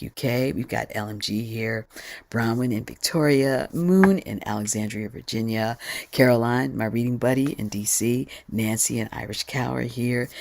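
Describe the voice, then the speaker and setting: Upbeat woman song leader hosting a video-call sing-along; slight rasp, dry sound. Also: extremely low pitch, darkish tone, dry recording. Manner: upbeat, chatty, greets people one by one.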